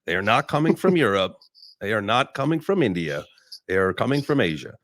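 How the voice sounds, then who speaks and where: Male host, low and animated, dry close sound, rambling storyteller. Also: no room sound. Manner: rambling storyteller, quick asides. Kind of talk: casual group chat.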